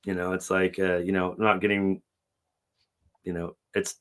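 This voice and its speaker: A middle-aged man on a podcast, talking casually and emotionally, swearing often and acting out quotes loudly. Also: low voice, little pitch movement, a little slow. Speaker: podcast co-host.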